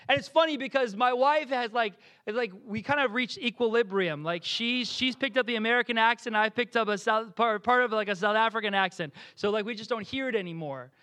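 Delivering a sermon, this young New Jersey man speaks a little fast in a very high-pitched voice with a New Jersey accent. He's a pastor, and his storytelling is animated and full of frequent restarts.

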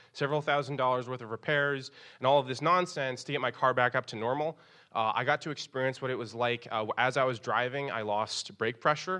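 A young pastor preaches a sermon in a bright, forward voice, casual and animated. Whenever he acts out what someone said, his pitch jumps up.

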